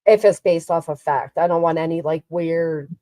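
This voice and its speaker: Low, mellow-voiced woman livestream host. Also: no room sound. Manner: opinionated, blunt, measured. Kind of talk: casual livestream chat.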